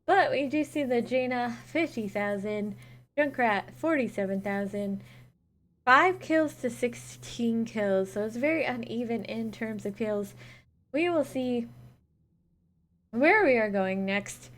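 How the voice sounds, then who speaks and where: A woman's voice: on the high side, animated, slow pace. A woman casting a gaming tournament live, chatting with viewers and thanking them between matches. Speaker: esports caster. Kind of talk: solo live-stream casting between games.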